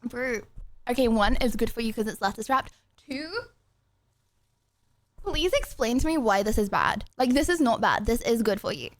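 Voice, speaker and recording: A woman's voice: a little high, big pitch swings, moderate pace, long pauses. A young woman streaming live, chatting casually and rambling to her viewers while she eats. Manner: rambling, chatty, talks to chat.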